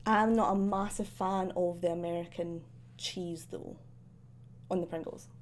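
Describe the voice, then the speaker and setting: A young woman from central Scotland with a softened, slightly posh Scottish accent, chatting casually while drawing on a stream, rambling with many ums and likes and laughing often. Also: lowish voice, steady tone, measured pace.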